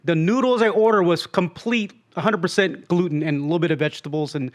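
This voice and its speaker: Man, from Long Beach, podcast guest, rambling storyteller, high voice, acts out quotes. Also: quick pace. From Long Beach, California. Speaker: guest and road companion.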